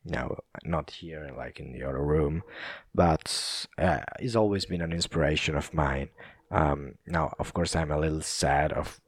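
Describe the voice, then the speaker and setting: A man's voice: extremely low pitch, measured pace, no room sound, clean studio sound. A young Italian man with an Italian accent, rambling casually in a monologue, laughing often and full of fillers and restarts. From Italy.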